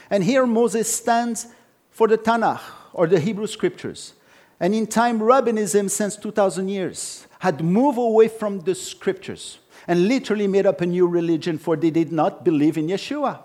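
Emphatic preacher, man, fairly high voice. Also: animated, normal speed, a little mellow. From Jewish background, no country stated. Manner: earnest, emphatic, storytelling asides with "okay" and "by the way". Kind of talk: sermon.

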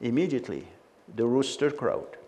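A man's voice: mid-range voice, big pitch swings, moderate pace, mellow. A man preaching a sermon with emphatic delivery and frequent conversational asides.

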